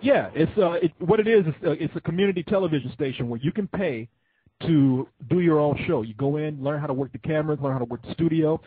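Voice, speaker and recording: A man's voice: a little high, fast talker, breathy edge, no echo. A man hosting a call-in show, chatting loosely and joking with callers, swearing freely. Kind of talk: casual call-in chat. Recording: tinny phone-line sound.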